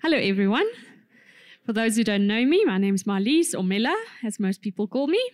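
A woman's voice: medium pitch, expressive, a little fast, dry recording, soft background music. Chatty woman preacher, dry sound. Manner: chatty, informal with fillers. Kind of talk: sermon introduction. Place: church.

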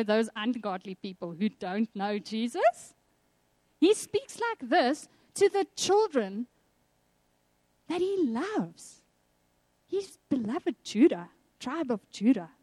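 A South African woman preaching a sermon, telling personal stories in a lively way and acting out the voices she quotes. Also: high-pitched, dry recording.

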